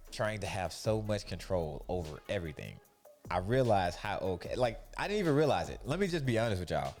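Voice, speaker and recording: Keeping your peace is the subject as a young man, his voice fairly low, delivers a relaxed faith-based monologue on his podcast. His storytelling is loose and lively, and he mimics the people he quotes. Faint, soft music sits in the background.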